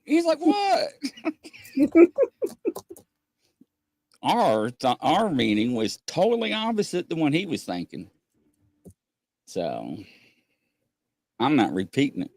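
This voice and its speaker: A man with a lively, swooping voice chats casually on a livestream with a lilt, laughing and acting out little exchanges. The sound is dry and close, with no room echo. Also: unhurried, vocal fry, pauses often. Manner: animated, laughing, acts out quoted exchanges in a higher voice. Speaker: livestream co-host.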